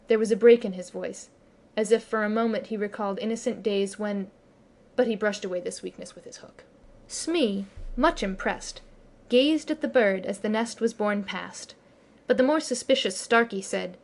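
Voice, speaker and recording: A woman narrating a classic children's story as an audiobook reader, with expressive storytelling. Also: mid-range voice, moderate pace. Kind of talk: scripted narration.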